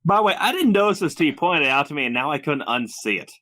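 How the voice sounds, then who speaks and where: Mid-pitched male panelist, bright tone, agreeable. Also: animated, fast talker. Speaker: podcast panelist. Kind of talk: casual group chat review.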